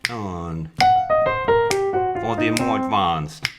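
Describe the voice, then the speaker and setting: A man teaching a piano lesson in a playful way, counting rhythms out loud and joking. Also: low voice, extremely slow. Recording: loud piano playing under the voice.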